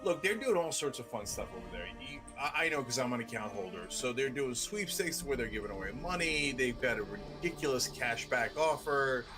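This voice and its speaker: A man hosting a political commentary show, talking in a sarcastic, mocking way and slipping into quick impressions. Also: medium pitch, animated, over music.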